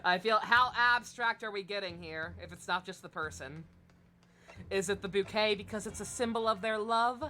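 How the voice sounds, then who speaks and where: A woman's voice: mid-range voice, normal speed, sharp tone, slight background noise. A woman hosting a let's play, reading game dialogue and tossing in sarcastic, playful asides.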